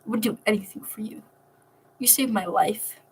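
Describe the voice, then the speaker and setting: A woman voicing a guarded but fiercely protective young man, speaking earnestly and softly. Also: medium pitch, moderate pace, a little hiss or hum, natural voice. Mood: tender.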